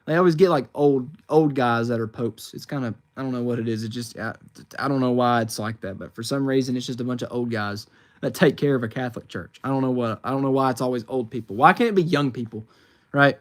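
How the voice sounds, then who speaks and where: A man's voice: mid-range voice, fast. A man from the United States chats through a livestream on his phone, reading out viewers' questions. He rambles with plenty of fillers and restarts, in an ordinary mid-range voice. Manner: chatty and rambling, many fillers and restarts, reads chat questions aloud. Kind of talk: casual livestream chat.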